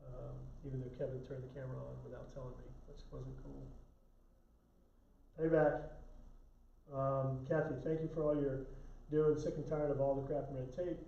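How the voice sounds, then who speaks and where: A man's voice: medium pitch, level tone, normal speed, gravelly, pauses often, mellow, a little hiss or hum. Blunt man in a roomy live stream. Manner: blunt, emphatic, self-correcting. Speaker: elected official answering viewer questions. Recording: roomy, slightly dull audio.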